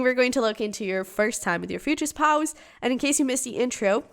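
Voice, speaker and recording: A woman's voice: high-pitched, a little fast. A woman giving a casual tarot reading to camera, chatty and giggly, with many fillers and restarts. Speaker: tarot reader.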